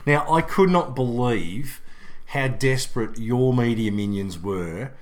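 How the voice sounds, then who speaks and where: A man's voice: mid-range voice, lively intonation, slow pace. A man hosting a podcast, chatting casually in a wry, teasing way and laughing easily. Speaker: podcast host. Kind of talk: casual motorsport chat.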